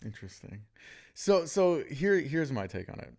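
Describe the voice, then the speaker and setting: A podcast host tells stories in casual, animated chat, laughing often and using lots of fillers. His voice is on the high side and moves at normal speed.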